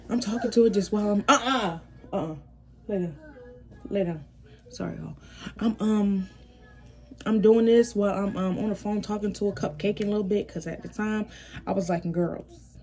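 A woman's voice: mid-range voice, dark tone. A young woman casually telling a storytime vlog, acting out quotes and laughing often.

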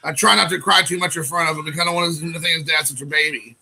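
A man in his thirties hosting a casual stream while opening trading card packs, excitable and rambling, calling people dude. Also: a little high, rapid-fire, vocal fry, poor audio. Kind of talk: casual live-stream chat.

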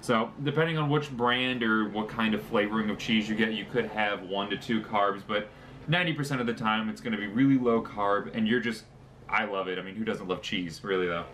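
A man's voice: fairly low pitch, a little fast, a bit bright, a little hiss or hum. A young man talking casually through a snack review, chatty and joking, with fillers as he lists details. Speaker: vlogger.

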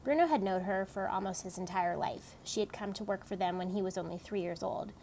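A woman reading a novel aloud in a steady, plain storytelling manner. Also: mid-range voice, brisk, vocal fry, a little hiss or hum, low-quality recording. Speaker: audiobook reader.

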